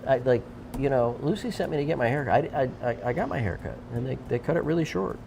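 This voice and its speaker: A man's voice: medium pitch, animated, fast talker, vocal fry, noisy background. A man hosting a local TV talk show, joking and rambling with frequent restarts. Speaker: TV show host. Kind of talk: casual studio banter.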